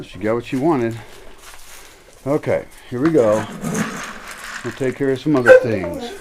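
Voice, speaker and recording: A man's voice: mid-range voice, lively intonation, measured pace, long pauses, over a noisy crowd. A man chatting casually while he feeds dogs outdoors at night, wandering off and correcting himself as he talks. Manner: rambling, self-correcting. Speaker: vlogger feeding dogs. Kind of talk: casual vlog narration. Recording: noisy outdoor recording. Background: dogs barking and moving about.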